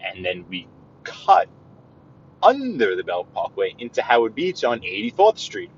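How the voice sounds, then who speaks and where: In a medium-pitched voice with huge pitch swings, a man speaks a little slowly while giving casual, chatty live-stream commentary as he drives through the city on a tour. He rambles, restarts frequently, and adds playful asides. The recording is muffled with a little hiss or hum.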